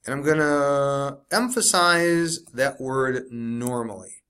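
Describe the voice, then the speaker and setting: Bright-voiced male teacher explaining slowly. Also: mid-range voice, smooth. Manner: explains step by step, slows to stress key words. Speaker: science teacher. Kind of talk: recorded classroom lesson walkthrough.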